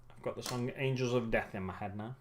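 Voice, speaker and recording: A medium-pitched man hosts a relaxed hobby livestream, musing and rambling as he builds miniatures, with many pauses and self-corrections. He's getting a little tired, and there's background noise.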